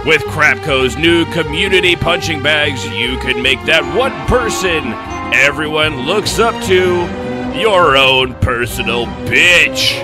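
A man doing a brash parody ad pitchman. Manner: hard-selling, mock-salesman delivery. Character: brash male spokesman in a parody ad. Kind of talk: parody radio advert.

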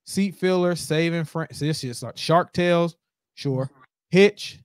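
Podcast host, male, animated profane rants, slightly high voice, dry room. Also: slow pace, clear, resonant tone, no room sound. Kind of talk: casual podcast chat.

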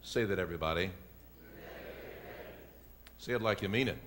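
A man, a pastor, delivering a sermon and building to loud, emphatic preaching. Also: low voice, normal speed, a little hiss or hum.

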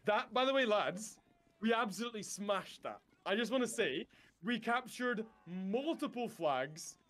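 A man's voice: high-pitched, lively intonation, unhurried, a bit bright. A man in game voice chat, leading his squad with bossy drill-sergeant orders. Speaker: player leading a unit in voice chat.

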